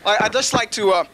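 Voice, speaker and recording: A male stand-up comedian delivering a routine with punchy timing. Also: on the high side. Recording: noisy old TV recording.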